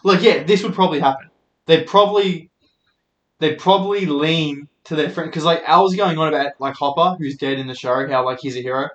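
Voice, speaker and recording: A man in his twenties talks loosely on his own podcast, drifting from one thought to the next and swearing often as he makes fun of his own slip-ups. His voice sits a bit high for a man. He holds the microphone in his hand, and the sound bounces around a roomy space. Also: brisk, a bit bright, highs cut off. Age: 20s. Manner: rambling, sweary, self-deprecating. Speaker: podcast host. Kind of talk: casual solo podcast rant. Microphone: handheld microphone.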